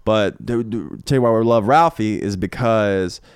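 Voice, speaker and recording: A man's voice: on the low side, clear, resonant tone, dry recording, clean studio sound. A man guesting on a casual podcast, telling rambling anecdotes with lots of swearing. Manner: rapid, rambling anecdotes with frequent profanity. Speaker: guest comedian. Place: home podcast room.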